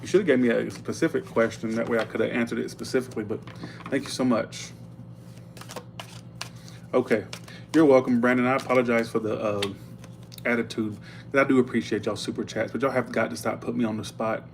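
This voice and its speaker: A man speaking at an everyday middle pitch, reading tarot on a casual livestream. He talks in a loose, chatty way and says things bluntly, and a faint hum sits under his voice. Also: fairly even intonation, brisk, creaky, long pauses. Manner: chatty and blunt, thanking viewers for tips. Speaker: tarot reader.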